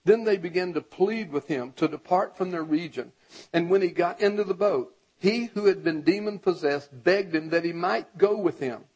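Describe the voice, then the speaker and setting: A male pastor preaching a sermon, reading scripture aloud and urging the congregation, his voice rising to a shout when he exhorts them. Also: high-pitched, moderate pace, slightly rough, highs cut off.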